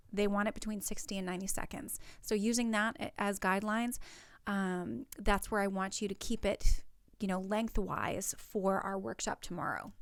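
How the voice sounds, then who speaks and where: A woman's voice: medium pitch, no echo. A woman acting coach giving spoken tips for a workshop in an encouraging, conversational way, with fillers.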